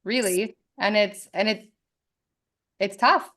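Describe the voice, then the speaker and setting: A woman's voice: mid-range voice, takes it slowly. A woman in her thirties, a podcast guest talking candidly and with lots of energy in a casual conversation. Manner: candid, animated, swears freely.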